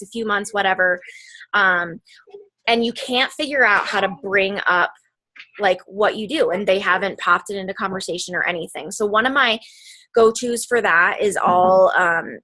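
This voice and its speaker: A woman's voice: mid-range voice, lively intonation, sharp tone. Chatty young woman coaching on a team call. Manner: chatty, peppered with "like" and "um", fast tangents. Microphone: phone or computer call mic.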